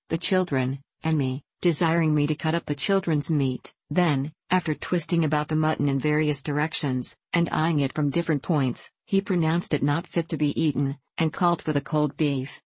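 An audiobook reader narrates a classic novel in a measured, even way. The voice sits in a middle pitch. The recording is close and dry. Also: dry recording.

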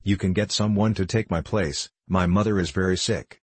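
A man's voice: low-pitched, steady tone, moderate pace, slightly rough, no echo. A man voicing a modest, brave fourteen-year-old boy in a storybook reading, speaking plainly and earnestly.

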